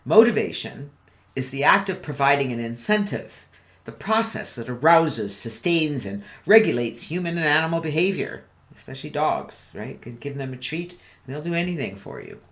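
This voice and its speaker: A man's voice: a little high, very animated, normal speed, a bit bright. A man presenting a motivational webinar in an upbeat way, often chuckling and putting questions to his audience. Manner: chuckles between points.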